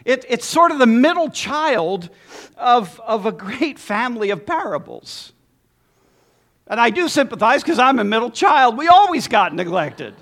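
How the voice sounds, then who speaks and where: A man preaching a sermon as pastor, emphatic with dramatic pauses and lists. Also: very high-pitched, sing-song, fairly bright tone.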